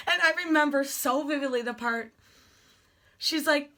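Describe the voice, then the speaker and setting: A young woman tells a story in a vlog, excited and gushing, her talk full of fillers. Her voice is bright and a little high. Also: moderate pace. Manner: gushing, animated, many fillers like "like". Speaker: vlogger.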